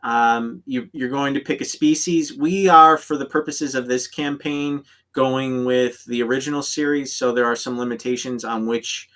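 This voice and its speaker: Game master, male, mid-pitch, halting delivery full of fillers and restarts. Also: a bit bright. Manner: halting, many ums and restarts. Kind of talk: explaining rules in an online tabletop session.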